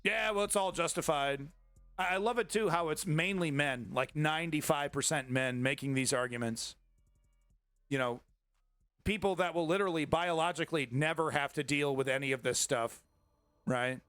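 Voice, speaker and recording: A man's voice: on the high side, normal speed, fairly bright tone, smooth, no room sound, faint music behind. A man hosting a live-stream news commentary, sarcastic and indignant, swearing freely.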